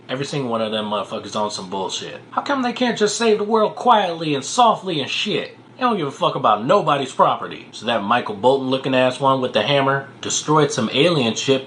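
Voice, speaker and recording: A man's voice: medium pitch, a bit bright, a little hiss or hum, natural voice. A man playing a cussing fed-up insurance clerk. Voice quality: crude, profane, exasperated ranting. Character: fed-up male insurance clerk, profane, griping. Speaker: comedy sketch character.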